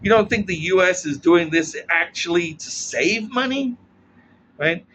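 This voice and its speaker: Animated man peppering talk with "right?". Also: high voice, measured pace, a little hiss or hum. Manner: keeps checking in with "right?" tag questions; blunt, sardonic. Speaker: political commentator. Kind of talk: casual explanatory monologue. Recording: muffled lo-fi recording.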